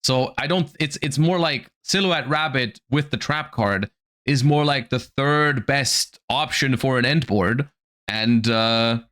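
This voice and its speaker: A man's voice: medium pitch, a bit bright. A man streaming live, chatting casually with his viewers and reacting to a video, his throat a little sore.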